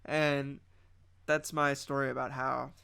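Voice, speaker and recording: A man's voice: medium pitch, flat delivery, slow pace, creaky, pushed and bright, clean tone. A young man hosting a casual podcast, rambling through a funny story with lots of restarts. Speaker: podcast and stream host. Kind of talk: casual chat.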